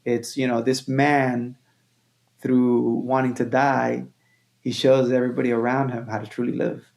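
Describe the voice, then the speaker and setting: Male filmmaker guest, gravelly, mid-pitched, lively storyteller. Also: unhurried. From Venezuela. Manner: animated, repeats phrases, acts out quotes. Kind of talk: casual storytelling chat.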